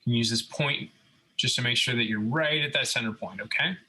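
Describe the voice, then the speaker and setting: Man, husky bright voice, step-by-step CAD tutorial, casual instructor, frequent check-ins. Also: medium pitch, fairly quick, poor audio. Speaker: robotics instructor. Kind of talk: screen-recorded CAD tutorial.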